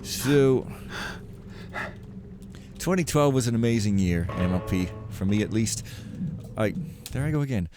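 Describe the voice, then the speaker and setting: A man's voice: on the low side, lively intonation, a little slow, long pauses, over music. A man giving casual, rambling commentary over a video game, cracking jokes as he plays. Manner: rambling, jokey, reads in-game letters aloud with a raised voice. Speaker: gameplay commentator. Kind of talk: casual let's-play commentary.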